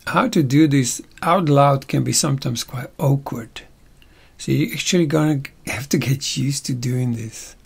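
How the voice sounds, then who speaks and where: A man's voice: mid-range voice, measured pace, vocal fry, darkish tone, breathy edge. A man teaching a workshop in a casual, playful way, often checking in with his listeners. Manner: playful, checks in with tag questions.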